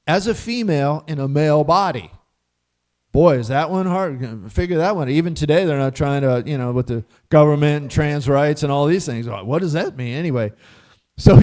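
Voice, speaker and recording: A man's voice: fairly high pitch, darkish tone. A man giving a casual scripture class in a temple hall, chatty and laughing often as he quizzes his listeners.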